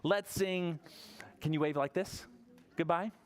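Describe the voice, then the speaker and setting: A woman librarian leading toddler story time, cheerful and encouraging, speaking slowly and plainly to small children in a library story room. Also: on the low side, expressive.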